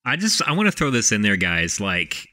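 Deep-voiced Texan man, upbeat podcast co-host. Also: very animated, moderate pace, pushed and bright. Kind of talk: casual chat.

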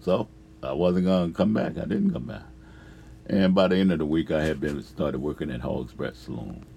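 Very deep, gravelly man telling stories. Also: moderate pace, warm tone, a little hiss or hum. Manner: profane, laughs often, trails off with fillers. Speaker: storyteller. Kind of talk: casual rambling storytelling.

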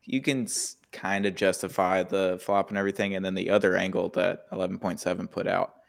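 Deep gravelly man in sports talk. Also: little pitch movement, brisk.

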